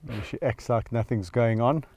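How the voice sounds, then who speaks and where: A man's voice: medium pitch, normal speed. A man running a vlog outdoors at a wildlife sanctuary, cooing and calling to the lions with affection. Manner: animated, coos and calls to the lions with affection. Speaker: wildlife sanctuary keeper and channel host. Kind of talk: casual vlog narration while handling lions.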